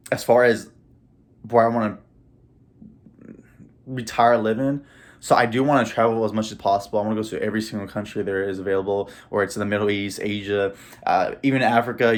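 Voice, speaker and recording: A young man talking straight to camera about his dreams in a casual, rambling way, repeating words and laughing, choked up with emotion. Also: on the low side. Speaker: vlogger. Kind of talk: casual motivational monologue.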